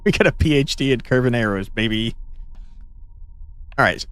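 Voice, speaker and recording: A man commenting on a game he is playing, talking in a joking, sarcastic, animated way. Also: medium pitch, moderate pace, clear, resonant tone. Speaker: gaming channel host. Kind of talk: let's play commentary.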